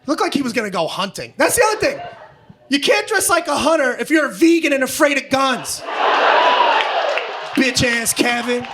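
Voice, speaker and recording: Brash, high-voiced comedian ranting. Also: male voice, lively intonation, moderate pace, long pauses. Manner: brash, profane, ranting, often shouting. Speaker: stand-up comedian. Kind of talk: stand-up comedy routine. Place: comedy club stage. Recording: live club audio with background noise.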